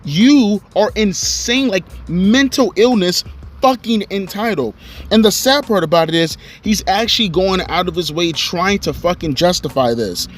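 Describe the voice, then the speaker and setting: A man's voice: high-pitched, animated, moderate pace. Furious profane man ranting outdoors. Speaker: online commentator. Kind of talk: angry rant vlog. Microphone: cell phone.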